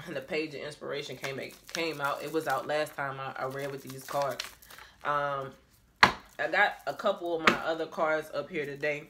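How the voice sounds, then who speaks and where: A woman vlogging casually as a tarot reader, rambling and profane in an animated way. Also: sits low, a little fast, heavy background noise. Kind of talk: casual motivational vlog talk.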